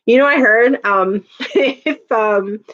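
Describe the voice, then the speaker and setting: A woman's voice: on the high side, slow pace, fairly bright tone, highs cut off. A woman, chatting casually with her viewers, laughing often and using lots of filler words. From Chicago, USA. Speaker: livestream host. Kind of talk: casual chat reading viewer comments.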